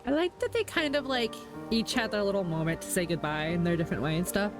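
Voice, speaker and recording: A woman's voice: mid-range voice, fast talker. A young woman streamer chatting casually and emotionally while she plays a game, with lots of fillers. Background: game music.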